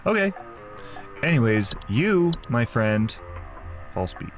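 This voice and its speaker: Brief: low-voiced man, animated and joking while gaming, music under him. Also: unhurried. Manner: joking, reads game text aloud with chuckles. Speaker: gamer playing a game. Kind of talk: casual game commentary. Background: game music.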